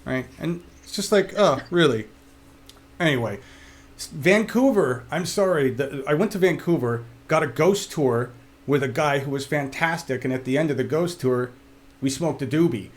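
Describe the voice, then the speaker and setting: A man co-hosting a casual web show, talking in an animated, jokey and opinionated way. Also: fairly high pitch, normal speed. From Oregon. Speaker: show co-host.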